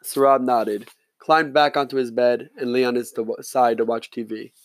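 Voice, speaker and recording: A man narrates a novel in a steady, measured way. His voice is mid-pitched, and the recording is close and dry with no room sound. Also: dry recording. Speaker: audiobook narrator. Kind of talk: scripted narration.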